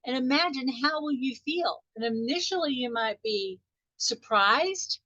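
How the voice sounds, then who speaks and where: A woman hosting a live online coaching session, talking warmly and straight to her listeners and stretching out musing questions, heard over dull call audio. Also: high voice, animated, normal speed, dry recording. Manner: warm, encouraging, talks straight to listeners. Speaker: wealth mindset coach hosting a weekly group. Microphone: video call microphone.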